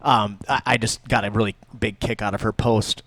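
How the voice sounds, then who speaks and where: A man's voice: on the low side, little pitch movement, moderate pace, a bit bright. A man co-hosting a podcast, chatting casually and teasing his guest with joking asides. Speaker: podcast co-host. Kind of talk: casual chat.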